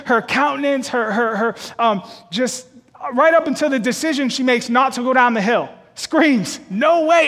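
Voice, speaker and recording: High-voiced man preaching in a hall. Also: a bit bright. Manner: repeats words while building, rising to emphatic peaks. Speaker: pastor. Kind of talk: sermon. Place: church.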